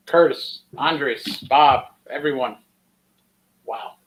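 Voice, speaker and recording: A man co-hosting a fan podcast, enthusiastic and quick to exclaim over donations. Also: medium pitch, slight background noise. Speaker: podcast co-host. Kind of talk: casual chat.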